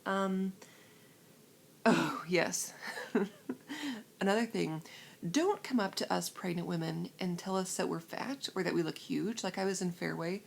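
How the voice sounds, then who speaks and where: A young woman from Iowa rattles through stories in a casual, animated way, peppered with fillers. Her voice sits fairly low, with a gravelly fry running through it. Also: normal speed, slight background noise. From Iowa, USA. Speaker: vlogger. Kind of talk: casual storytelling.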